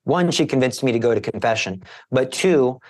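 A man's voice: mid-range voice, expressive, normal speed. Man giving an earnest emotional testimony. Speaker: guest, Catholic evangelist. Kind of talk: personal conversion testimony.

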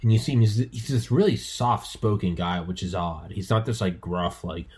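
A man with a low, husky voice, hosting a casual podcast chat from home. He rambles and gets excited as he goes, swearing freely and restarting his sentences. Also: moderate pace. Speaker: podcast host. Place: home, with dogs around.

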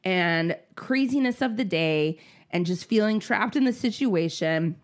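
A woman in casual chat, telling a story with lively acted-out quotes and frequent swearing. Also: medium pitch, measured pace. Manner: animated storytelling, acts out quotes, swears freely.

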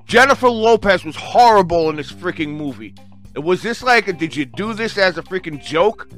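Bright-voiced, excitable man ranting about a movie. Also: fairly high pitch. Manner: excitable, swears, keeps saying "freaking". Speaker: movie reviewer. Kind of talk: casual rant reading off a webpage.

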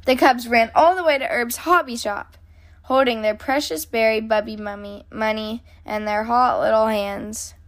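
A woman reads a children's picture book aloud in a gentle, clear storytelling manner. Her voice sits a little higher than most. She paces the story steadily for young listeners. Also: steady tone, moderate pace. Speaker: host, storybook reader.

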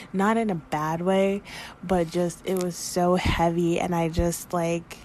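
Slow-talking candid woman podcaster. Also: fairly low pitch, darkish tone, slight background noise. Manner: candid, rambling, swears freely; emotional, near tears. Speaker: podcast host. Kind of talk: casual spiritual podcast monologue.

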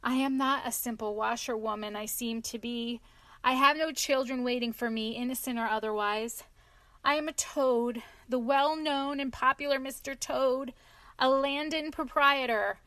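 A woman's voice: fairly even intonation, normal speed, a bit bright, dry recording. A woman voicing a boastful, self-pitying male toad with dramatic, pleading speech in a storybook reading. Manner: dramatic, pleading, high-strung.

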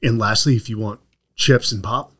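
A man's voice: on the low side, normal speed, sharp tone, slight background noise. Joking male interview host. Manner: joking, playful asides. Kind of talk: casual interview chat.

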